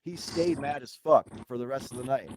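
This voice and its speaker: A man guesting on a podcast, telling a story in casual, profane slang and getting animated when he retells exchanges. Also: medium pitch, brisk, background noise. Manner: profane, slangy, says dude and bro a lot.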